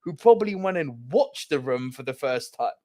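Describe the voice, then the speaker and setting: A man co-hosting a casual movie podcast, talking fast and animated, swearing often and laughing a lot as he acts out movie quotes. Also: a little high. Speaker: podcast co-host.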